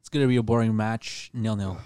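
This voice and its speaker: A man's voice: fairly low pitch, steady tone, a little fast, mellow, smooth, no room sound, clean studio sound. A man on a casual football podcast, laughing and teasing the others between picks. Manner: laughs often, teasing banter. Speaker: podcast co-host. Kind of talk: casual sports prediction chat.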